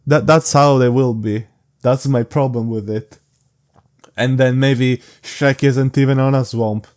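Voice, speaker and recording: A young man hosting a casual solo podcast, rambling frankly with halting restarts and sounding sleepy. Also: mid-range voice, steady tone, darkish tone. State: sleepy, yawning. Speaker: podcast host.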